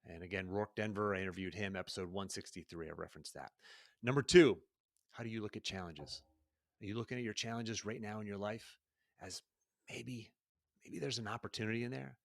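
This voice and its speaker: Conversational male podcast host, low voice. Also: fairly quick, gravelly, no echo, clean studio sound. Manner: energetic, conversational, rhetorical questions, says "right?" often. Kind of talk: solo podcast monologue.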